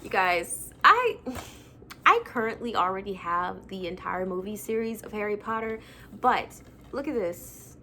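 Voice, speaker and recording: A woman's voice: mid-range voice, normal speed, sharp tone, slight background noise. A young woman vlogging casually about her childhood books, chatty and self-mocking with lots of fillers. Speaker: book vlogger. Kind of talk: casual chat.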